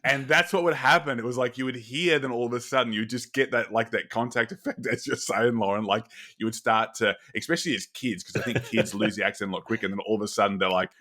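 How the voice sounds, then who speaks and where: A man's voice: mid-range voice, steady tone, fast talker, hardly any pauses, bright, forceful tone. A man hosting a podcast and chatting in a rambling, friendly way. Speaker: podcast host. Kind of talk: casual podcast chat.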